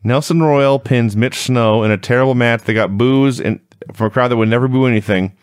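A man's voice: mid-range voice, a little fast, clean tone, dry recording. A man co-hosting a wrestling review podcast, recapping events in a dry, sarcastic way. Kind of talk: casual chat, recapping.

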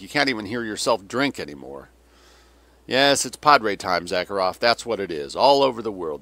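Reader doing a bitter sarcastic old russian general ranting, dry close sound. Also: male voice, fairly low pitch, bright, forceful tone, no room sound, pitched above the performer's own voice. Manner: sardonic, bitter tirades. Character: weary cynical older male Russian general.

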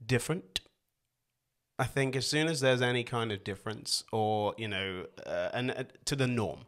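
Relaxed, chatty English podcast host with a posh accent and a mid-range voice. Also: male voice, medium pitch, normal speed. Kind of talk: casual podcast conversation.

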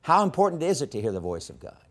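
A man teaching a session on evangelism in a sermon style, telling a story with strong emphasis and dropping to hushed tones when quoting. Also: a little high, big pitch swings, fast talker. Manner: impassioned, swings from loud emphasis to hushed quoting.

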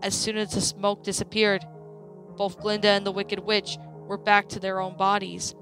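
A woman narrating a creepypasta story in a plain, steady reading voice. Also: mid-range voice, moderate pace, faint music behind.

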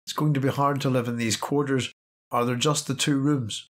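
A man's voice: medium pitch, fairly even intonation, normal speed, lightly acted. A man voicing a weary, blunt woman soldier in a wartime audiobook. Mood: sleepy.

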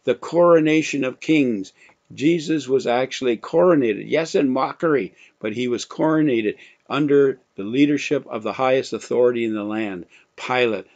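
A man's voice: medium pitch, darkish tone. A man teaching a Bible lesson in sermon style, emphatic and repeating key phrases, quoting scripture with dramatic force. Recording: dull lo-fi recording.

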